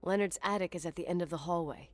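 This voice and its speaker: A woman's voice: lowish voice, fast, close to an everyday voice. An actress playing a guarded young woman who speaks tersely and suspiciously. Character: guarded young woman back at family hotel.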